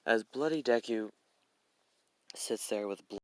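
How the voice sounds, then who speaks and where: A man's voice: fairly low pitch, unhurried, dry recording. A young man casually narrating a fan story, rambling and correcting himself as he goes. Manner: rambling, self-correcting, swears.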